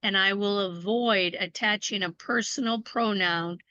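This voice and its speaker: A woman co-leading a faith course, reading a covenant aloud and encouraging listeners in a slow, deliberate way. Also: medium pitch, bright, forceful tone, no room sound, dull audio. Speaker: ministry co-teacher.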